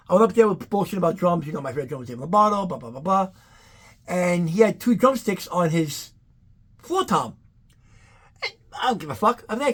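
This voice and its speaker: A man's voice: sits high, a little fast. A man tells rambling, profane stories while giving a casual tour of his collection. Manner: rambling, profane, animated anecdotes. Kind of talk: casual storytelling to camera.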